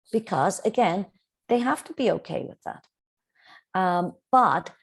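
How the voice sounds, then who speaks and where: A middle-aged woman, a Montessori teacher, calmly explaining parenting tips over a video call, with frequent ums. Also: lowish voice. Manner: calm, explanatory, with frequent ums and quoted child dialogue. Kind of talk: online parenting talk.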